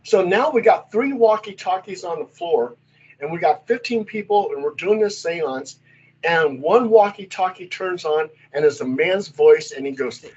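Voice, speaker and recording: A male paranormal investigator telling stories in casual chat, animated and acting out the voices in them. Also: high-pitched, normal speed, breathy edge, muffled recording. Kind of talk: casual storytelling.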